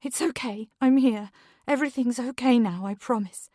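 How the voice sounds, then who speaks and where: A woman's voice: fairly high pitch, normal speed, warm tone, dry recording, clean studio sound, voice pushed up, lightly acted. A woman voicing a frantic injured mother. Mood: reassuring. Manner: urgent, strained pleading. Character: injured, desperate mother searching for her children. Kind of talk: audiobook character voice.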